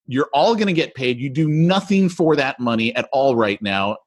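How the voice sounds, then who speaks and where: A man's voice: mid-range voice, expressive, moderate pace. A man co-hosting a podcast, talking in a heated, ranting way in casual chat. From California. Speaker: podcast co-host.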